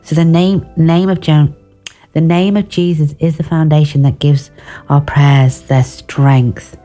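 A woman's voice: low voice, steady tone, a little slow, mellow, soft background music. A woman giving an informal devotional talk on prayer, earnest and personal, with restarts and asides. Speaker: devotional speaker.

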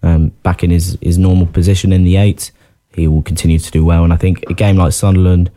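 Deep-voiced man chatting football. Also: little pitch movement, a little fast, dark tone. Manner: chatty, self-deprecating, laughs often. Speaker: podcast co-host. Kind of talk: casual football podcast chat.

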